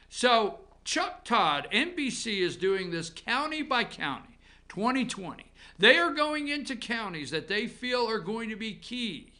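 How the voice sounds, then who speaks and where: A man hosting a political opinion show, ranting with heavy repetition. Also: high-pitched. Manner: animated, ranting, repeats himself. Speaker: talk show host.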